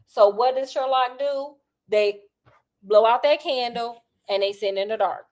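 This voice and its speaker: Brief: chatty woman storyteller, slangy and animated, higher pitch. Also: a little slow. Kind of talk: casual comic story retelling.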